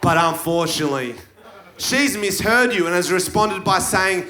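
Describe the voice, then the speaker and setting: A man doing a stand-up routine in a quiz-show style, bursting into shouted punchlines. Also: high voice, moderate pace. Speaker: stand-up comedian. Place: live comedy venue. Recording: roomy live venue with crowd. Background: audience laughter.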